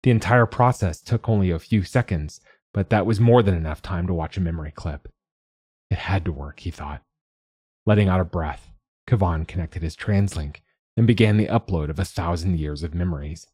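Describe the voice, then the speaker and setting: A man narrating a short story in a steady, measured reading. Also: low-pitched, slightly rough, no room sound, clean studio sound. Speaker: podcast narrator.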